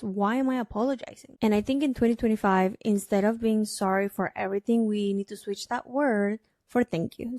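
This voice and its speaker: A woman's voice: medium pitch, mellow, no echo, clean studio sound. A woman hosting her own solo podcast, talking in a chatty, emphatic way straight to the listener. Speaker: podcast host. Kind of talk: casual solo podcast monologue.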